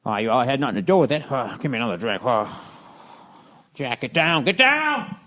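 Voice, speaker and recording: A man's voice: medium pitch, big pitch swings, a little fast, bright, forceful tone, voice pushed down. A man voicing an older man mumbling drunkenly in his sleep, slurred and rambling.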